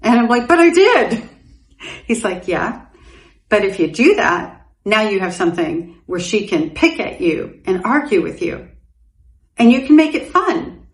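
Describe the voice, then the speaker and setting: A middle-aged woman hosting a podcast, telling her personal story candidly and growing animated, with laughs through painful memories. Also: medium pitch, unhurried. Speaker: podcast host. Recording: roomy echoing room.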